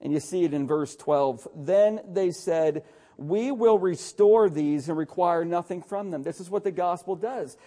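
A middle-aged male pastor delivers a sermon with a noticeably high voice. His tone is mellow rather than bright. He exhorts his listeners with urgency, repeatedly calling them to listen. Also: measured pace. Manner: urgent, exhorting preacher who often says "listen".

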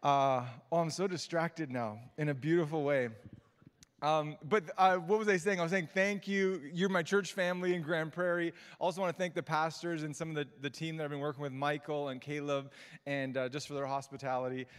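A man preaching a casual, conversational sermon to a live church congregation. He is chatty and warm, often restarts mid-sentence, and turns gushing and excitable when he reacts. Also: a little high, fairly quick, clean tone. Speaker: guest preacher. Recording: long reverb of a church sanctuary.

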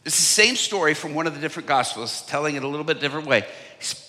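Bright-voiced guy preaching, lively and funny, long hall reverb. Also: a little high, very fast. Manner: animated storytelling, humorous. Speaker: evangelist. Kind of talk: sermon. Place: large conference hall.

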